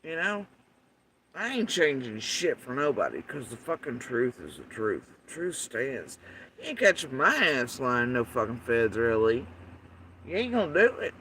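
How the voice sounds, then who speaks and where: A man's voice: mid-range voice, huge pitch swings, a little slow, sharp tone, slight background noise. A man hosting a livestream, ranting angrily and profanely, mocking his critics in sarcastic quoted voices. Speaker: livestream host. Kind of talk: angry livestream rant. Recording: voice somewhat far from the mic.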